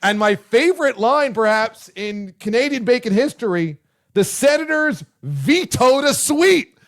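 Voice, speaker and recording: A male show host interviewing a guest, loud and excitable, sometimes shouting his praise. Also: very high voice, measured pace. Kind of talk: casual interview chat.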